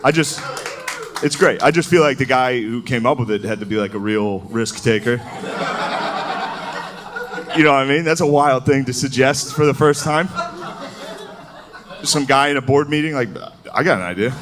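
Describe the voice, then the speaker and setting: A man's voice: mid-range voice, normal speed, long pauses. A man doing a live stand-up routine, talking in a loose, profane, conversational way and calling the crowd "dude.". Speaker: stand-up comedian. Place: live comedy venue on stage. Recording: noisy live stage recording.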